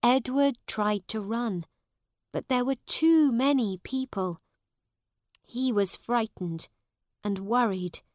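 A woman narrating a simple storybook in a clear, measured way. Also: fairly high pitch, no echo, studio quality. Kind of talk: slow storybook reading for learners.

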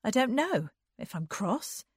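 A woman's voice: a little high, sing-song, a little slow, slightly rough, no echo, studio quality, pitched above the performer's own voice, full character voice. A woman reading a story aloud, voicing a proud young woman who speaks coolly and guardedly.

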